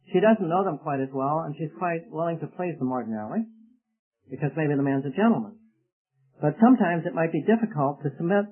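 A man's voice: on the high side, husky, narrow, tinny audio. A man preaching an earnest, explanatory sermon, recorded on an old tape. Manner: earnest, explanatory, with rhetorical questions.

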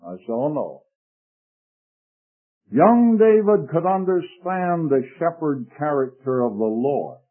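An older man preaching a sermon slowly and deliberately, sinking into a hushed low voice when he speaks scripture. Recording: tinny lo-fi radio broadcast.

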